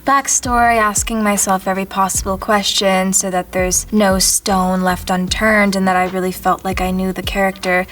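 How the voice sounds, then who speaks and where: A woman's voice: mid-range voice, a bit bright, slight background noise. A young woman from California, an actress, talking reflectively in a casual interview with frequent "like" fillers.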